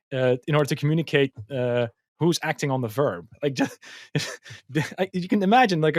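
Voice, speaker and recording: A man's voice: medium pitch, a little mellow, no room sound, studio quality. A man in a casual podcast conversation, explaining ideas thoughtfully with many ums, likes and restarts. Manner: hesitant, many fillers and restarts. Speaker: guest, machine learning engineer.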